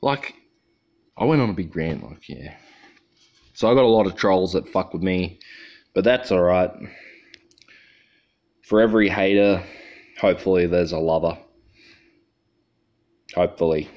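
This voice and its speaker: A man's voice: sits low, measured pace, pauses often, dull audio. An Australian man hosting a livestream, talking in a rambling, profane, joking way. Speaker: livestream host. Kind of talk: casual livestream chat.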